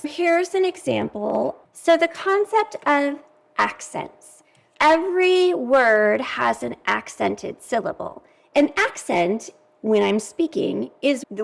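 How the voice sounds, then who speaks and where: Slow, gravelly-voiced woman teacher. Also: fairly high pitch. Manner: patient, demonstrates sounds aloud. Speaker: reading teacher. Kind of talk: explanatory lesson for parents.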